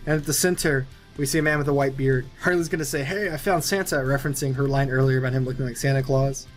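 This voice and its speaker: A young man runs through his own film plot at a quick pace over faint background music, his mid-range voice staying level. The casual pitch narration rambles, with filler words throughout, typical of this movie video creator.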